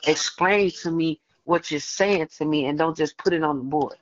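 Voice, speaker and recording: A woman's voice: low-pitched, moderate pace, a little hiss or hum. A woman church member sharing a casual, rambling testimony at Bible study over the phone. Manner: chatty, rambling with many likes. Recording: muffled phone line.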